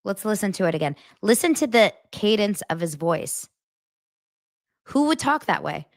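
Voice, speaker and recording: A woman's voice: medium pitch, big pitch swings, moderate pace, no room sound, studio quality. A woman hosting a celebrity gossip show, chatting casually to her viewers, emphatic and incredulous, often repeating herself. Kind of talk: casual chat to camera.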